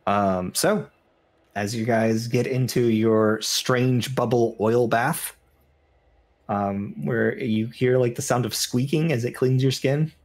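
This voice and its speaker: A man runs a tabletop game as game master, describing scenes in an easy, halting manner full of fillers. His voice is husky and sits at a middle pitch. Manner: relaxed, hesitant narration with many fillers.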